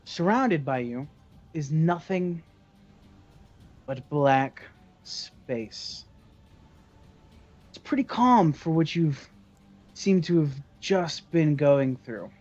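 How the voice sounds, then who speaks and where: A man's voice: fairly high pitch, animated, takes it slowly, pauses often, a little mellow, soft background music. A man narrating as game master of a tabletop game, in loose, hesitant speech full of fillers. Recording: dull lo-fi recording.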